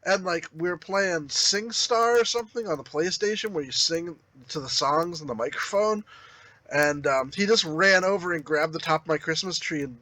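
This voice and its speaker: A man's voice: a little high, normal speed, sharp tone, rough recording. A man co-hosting a podcast, telling rambling party anecdotes with frequent restarts. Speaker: podcast co-host. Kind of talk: casual storytelling.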